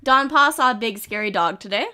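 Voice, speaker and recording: A woman's voice: fairly high pitch, animated, a little fast, sharp tone, clear, resonant tone. A woman streaming a game, reading out events with chatty asides and giggles while congested and coughing. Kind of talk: casual live-stream commentary. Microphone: desk microphone.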